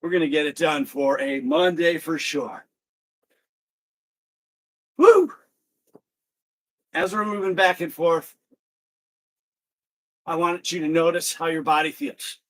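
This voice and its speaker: A man leading an online exercise class, energetic, calling out counts and shouting encouragement to students by name. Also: a little high, moderate pace.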